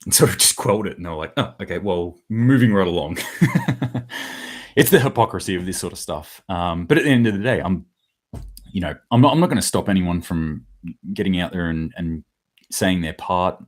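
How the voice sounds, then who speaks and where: A man's voice: sits low, animated, brisk. A man hosting his own daily preparedness commentary, talking casually and bluntly, rambling a little and swearing now and then. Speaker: host of a daily preparedness news show.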